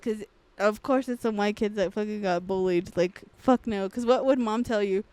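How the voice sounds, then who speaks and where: A young woman co-hosting a podcast, chatting casually, crude and loud with lots of laughter. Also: medium pitch, moderate pace, few pauses, smooth, no echo. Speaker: podcast co-host. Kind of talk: casual chat.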